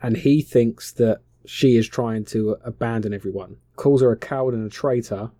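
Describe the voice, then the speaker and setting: A man's voice: medium pitch, fairly even intonation, moderate pace, warm tone, no echo, studio quality. A man casually retelling a film plot, offhand, slangy and full of swearing. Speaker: film recapper. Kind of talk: casual comic film recap.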